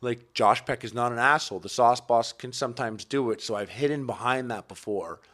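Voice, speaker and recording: A Canadian man with a mid-range voice, talking as a podcast guest. He tells animated stories and slips into gruff voices for the people in them. The talk is loose and conversational. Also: mid-range voice, a little fast. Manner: animated storyteller, acting out gruff exchanges. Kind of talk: casual chat.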